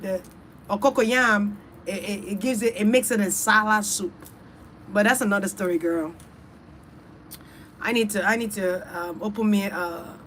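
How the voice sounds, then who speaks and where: A woman's voice: mid-range voice, a bit bright, slight background noise. A woman hosting a casual, rambling chat, talking loosely and with plenty of swearing straight to her viewers. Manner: loose, profane, chatty, talks straight to her audience. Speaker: online reader and host.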